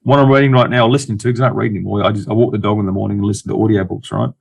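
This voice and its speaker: A man's voice: lowish voice, fairly even intonation, rapid-fire, creaky, slightly rough. A middle-aged Australian man, an investor guest in a casual interview, talking bluntly with many restarts and dry jokes.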